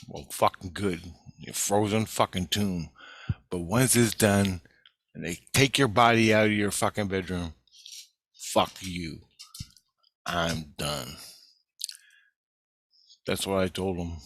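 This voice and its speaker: A man's voice: sits low, takes it slowly, long pauses, fairly bright tone, no room sound. A man giving a rambling, profane spiritual video update in an agitated way. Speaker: vlogger.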